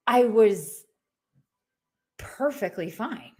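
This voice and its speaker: Woman in her 40s telling her story on a podcast, casual and expressive, does the voices she heard louder and higher, middle pitch. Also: a little slow. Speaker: podcast guest. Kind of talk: personal storytelling.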